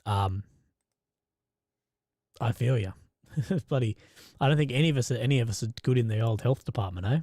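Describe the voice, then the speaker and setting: This man, an independent reporter and live-stream host, talks loosely through his commentary as he reads chat, cursing often and starting sentences over. He speaks at a normal speed with a medium, dark-toned pitch and long pauses, and there's no room sound.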